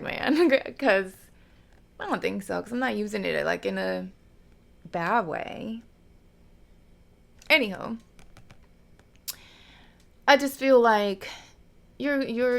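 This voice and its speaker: Speaking in a medium-pitched, gravelly voice with a slight brightness, this woman does a relaxed tarot reading for her audience. She chats freely, laughs a lot, turns emotional at times and addresses everyone as y'all.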